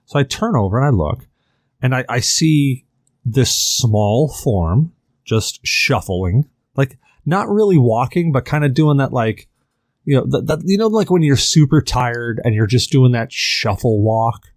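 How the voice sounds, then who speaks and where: A man's voice: mid-range voice, a little slow, dry recording, clean studio sound. A man on a podcast telling a long story in a casual, rambling way, full of fillers and acted-out quotes. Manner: animated, rambling with many fillers. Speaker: podcast host.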